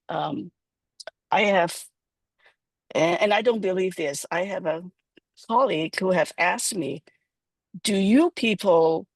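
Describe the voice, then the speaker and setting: Woman speaking with measured pauses. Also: lowish voice, no room sound. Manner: measured, with many pauses and fillers. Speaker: panelist. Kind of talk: panel discussion.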